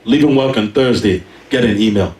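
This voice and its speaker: A man preaching a sermon, telling a personal story with animated delivery and emphatic peaks. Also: lowish voice, a little fast, reverberant, recorded from a distance, low-quality recording. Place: church.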